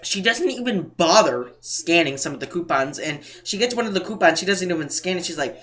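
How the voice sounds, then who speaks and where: Man, from New England, storytime vlogger, casual, rambling, self-correcting, bright tone. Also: high voice, lively intonation, a little fast, hardly any pauses. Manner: rambling, self-interrupting, mimics other people. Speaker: couponing vlogger.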